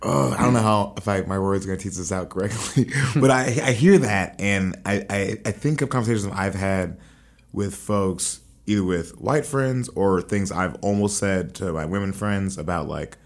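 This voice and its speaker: A man's voice: low voice, moderate pace. A man hosting a podcast, talking things over in a thoughtful way and searching for his words. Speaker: podcast host. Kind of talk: casual conversation.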